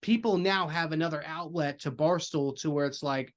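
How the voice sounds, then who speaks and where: A man's voice: fairly high pitch, moderate pace, hardly any pauses. A man speaking earnestly as a podcast guest in casual chat, leaning on filler phrases.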